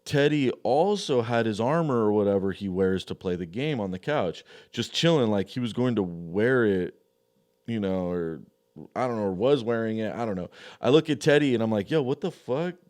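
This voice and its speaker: A young man spinning a raunchy story in an offhand, sneering way. His voice sits low, smooth and resonant, and he swears freely. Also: animated, moderate pace, a little mellow. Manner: profane, offhand and mocking. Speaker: podcast storyteller. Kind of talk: crude casual storytelling.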